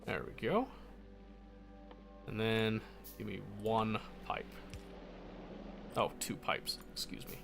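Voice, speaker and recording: A man talks through a building game at an unhurried pace, thinking out loud. He mutters to himself and corrects his own slips as he plays. Soft game music runs faintly under his voice. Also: lowish voice, lively intonation, creaky. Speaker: gameplay streamer. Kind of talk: casual gameplay commentary.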